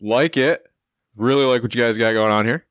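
A man's voice: medium pitch, fairly quick, fairly bright tone, clean tone, no echo, natural voice. A man voicing a cheerful, easygoing man in a tabletop game, who rambles in a friendly way. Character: cheerful, easygoing man eager to get high.

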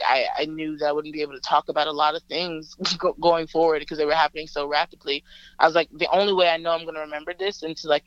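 A woman from Alabama, a rapper and guest, telling a story over a phone call in a lively, chatty way, laughing often and using lots of filler words. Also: low voice, no echo.

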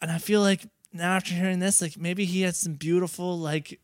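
A man's voice: sits high, steady tone, fairly quick, crowd noise. A young man co-hosting a podcast, chatting casually and comically, often in mock outrage. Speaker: podcast co-host. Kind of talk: casual comedic chat.

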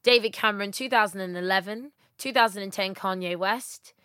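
A woman hosting a podcast quiz, reading out questions and answers in a brisk, listing way. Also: medium pitch, pushed and bright, clean tone, no room sound, clean studio sound. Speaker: quiz host.

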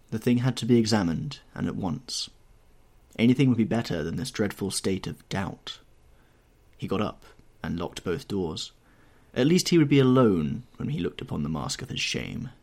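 Lively, expressive male audiobook narrator. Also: on the low side, vocal fry. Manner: expressive, measured storytelling. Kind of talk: scripted narration.

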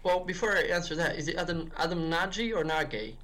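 A man's voice: a little high, steady tone, fast talker, fairly bright tone. A man on a football podcast as a guest, talking in a rambling, chatty way with frequent restarts. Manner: rambling, many restarts and fillers like "if you will". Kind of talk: casual football chat.

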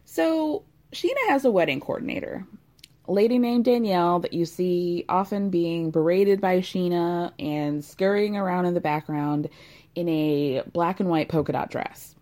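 Chatty, sardonic woman with a mellow voice. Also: medium pitch, very animated. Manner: chatty, sardonic, quick asides. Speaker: podcast host recapping a reality show. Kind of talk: casual chat.

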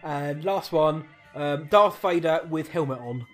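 A young man with a slightly raised pitch hosts a podcast, running a game and teasing his co-host with frequent giggles. Faint music sits under his voice. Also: unhurried. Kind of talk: casual chat, hosting a game.

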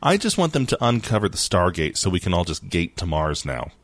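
A man co-hosting a casual tech news podcast, jokey and animated, often laughing. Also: low-pitched, fairly quick, no room sound. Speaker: podcast co-host.

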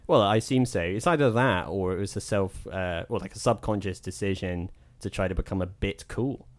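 A man's voice: low voice, fairly quick. A man with a British accent and a slight American twang, co-hosting a podcast in a laid-back, hedging casual chat with dry humor. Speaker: podcast co-host.

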